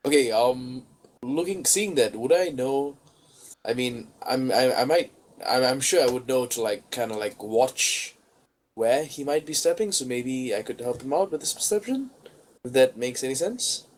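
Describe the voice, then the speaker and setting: A man's voice: medium pitch, expressive, normal speed, a little hiss or hum. A man playing a tabletop fantasy game who asks rambling, hesitant questions. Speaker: player. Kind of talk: casual game chat.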